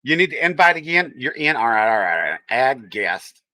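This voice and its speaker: A male livestream host with a Texan-tinged accent, chatty and teasing toward his audience. His bright voice swings up and down as he talks. The sound is close and dry. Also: medium pitch, very animated, moderate pace, no echo. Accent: Texan-tinged American. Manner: teasing, chatty, reacts to chat. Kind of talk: casual livestream chat.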